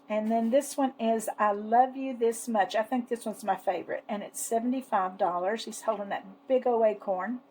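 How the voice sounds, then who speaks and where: A woman chatting casually as she shows off her savings challenges, fond and unhurried, with lots of little fillers. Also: on the high side, mellow, slight background noise, rough recording. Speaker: savings challenge seller and vlogger. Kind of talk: casual product show-and-tell.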